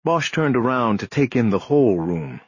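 A man reading a crime novel aloud in measured, expressive scripted narration. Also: medium pitch, husky, no room sound, muffled recording. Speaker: audiobook narrator.

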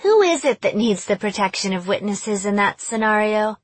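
A woman's voice: medium pitch, lively intonation, no echo, close to an everyday voice. A woman voicing a mocking teenage girl who acts possessed and fires sly questions. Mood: taunting. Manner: taunting, sly, rapid questioning.

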